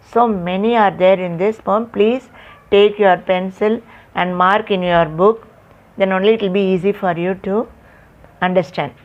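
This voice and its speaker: A woman teaching an English poetry lesson, explaining lines and literary terms to her students and spelling words out letter by letter. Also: mid-range voice. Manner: addresses students directly, asks rhetorical questions. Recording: dull lo-fi recording.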